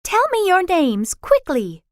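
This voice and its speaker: A woman voicing a tiny female fairy with a high, silvery voice, speaking urgently in a storybook reading. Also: wildly swooping pitch, takes it slowly, dry recording, studio quality, exaggerated voice. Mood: eager.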